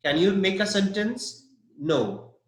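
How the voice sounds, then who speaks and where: Male teacher, slow and careful, spells words and marks stress, fairly high voice, echoey room. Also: lively intonation. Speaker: English teacher. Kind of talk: online vocabulary lesson.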